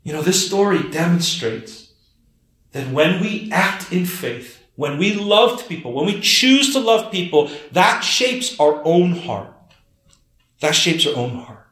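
Earnest male pastor with a somewhat high voice, preaching a story-led sermon, roomy sound. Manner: earnest, drops to soft low tones for emphasis. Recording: roomy echo.

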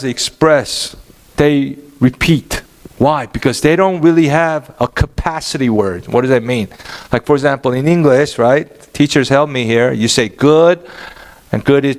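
Animated pastor preaching, man. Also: fairly high pitch. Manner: animated, asks the congregation questions. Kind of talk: sermon.

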